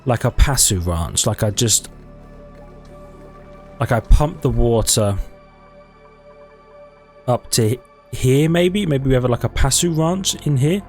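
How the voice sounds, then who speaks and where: Guy doing chill game commentary, thinks out loud, fixes his own words, faint music behind. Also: medium pitch, animated, slow pace, pauses often. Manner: thinking aloud, chatty, self-correcting. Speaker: gaming YouTuber. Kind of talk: casual let's-play commentary.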